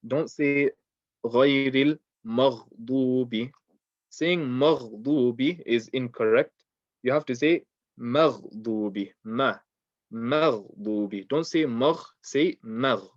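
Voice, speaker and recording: A man's voice: medium pitch, dry recording. A man teaching Quran recitation rules in an online lesson, explaining in an easy way with many ums and modelling the sounds himself. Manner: relaxed explaining with frequent ums, demonstrating sounds. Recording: dull lo-fi dry recording.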